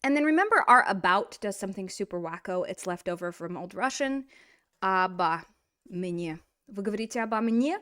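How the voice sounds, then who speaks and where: A woman's voice: medium pitch, normal speed. Playful woman teaching a language lesson. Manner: animated and playful, talks to the learner directly. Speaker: Russian teacher.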